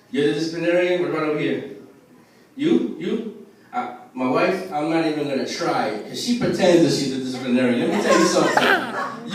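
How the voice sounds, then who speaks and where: A man with a fairly high voice doing laid-back, streetwise stand-up and chatting with the crowd. The sound is very echoey and comes from a mic some way off. A busy dinner crowd sits behind him. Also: far from the mic, a little hiss or hum. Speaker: stand-up comedian. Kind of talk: open mic stand-up comedy. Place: restaurant dinner show. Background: lively crowd laughing.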